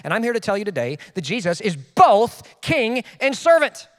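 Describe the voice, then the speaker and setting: A man preaching a sermon as a pastor, with sudden loud emphases and self-deprecating asides. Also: sits high, very animated, normal speed, big-room sound.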